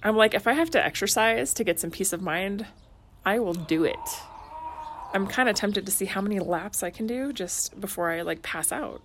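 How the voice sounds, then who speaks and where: A woman's voice: medium pitch, normal speed, background noise. Chatty woman in her thirties. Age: 30s. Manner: chatty, laughs often, lots of "like" fillers. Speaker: podcast co-host, mother. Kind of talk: casual chat.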